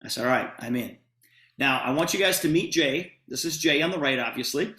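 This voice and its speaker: A man's voice: medium pitch, lively intonation, brisk, pushed and bright, roomy sound. A man giving a sales presentation, retelling a conversation with lots of quoted dialogue. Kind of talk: storytelling sales pitch.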